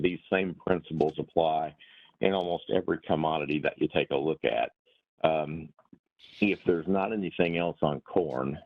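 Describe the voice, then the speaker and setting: A man's voice: a bass voice, gravelly. A man hosting a market webinar, explaining indicators in a folksy way with sports comparisons and frequent repeated words. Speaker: meeting host. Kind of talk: webinar discussion. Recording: tinny phone-like line.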